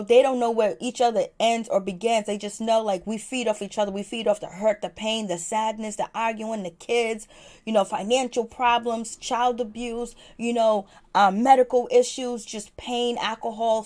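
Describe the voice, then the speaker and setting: A woman's voice: on the high side, steady tone, moderate pace, darkish tone. A woman talking casually as she reviews a TV episode, full of fillers and repeating phrases for emphasis. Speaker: reviewer of a TV show. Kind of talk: casual commentary.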